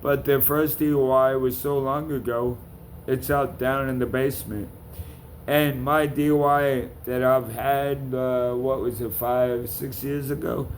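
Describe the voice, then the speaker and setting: A man's voice: mid-range voice, fairly even intonation, a little slow, a little hiss or hum. A man ranting to camera in a vlog, calling out people by name, with blunt, profane talk. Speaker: vlogger.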